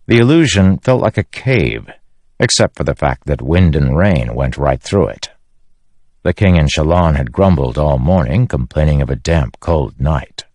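A man narrating a fantasy audiobook with expressive, varied delivery. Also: very deep voice, creaky, dry recording, studio quality. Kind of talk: scripted narration.

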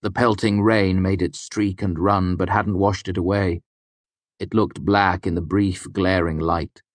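A man narrating a first-person fantasy story in a measured, grave storytelling manner. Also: sits low, steady tone, no room sound. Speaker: audiobook narrator.

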